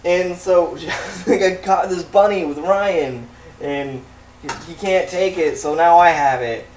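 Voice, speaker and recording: A young man tells a meandering, swear-filled story as relaxed game commentary. His voice sits a little high, and he sounds set back from the mic in a roomy, echoing space with faint background hiss. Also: slow pace. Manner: rambling, profane, laughing asides. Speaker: let's play commentator. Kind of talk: casual storytelling over gameplay. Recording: echoey room, mic at a distance.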